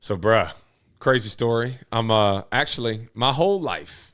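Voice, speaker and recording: A man, a TV personality talking high-energy and slangy as an interview guest. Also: expressive, a little slow, a bit bright. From New Orleans. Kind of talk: casual interview chat.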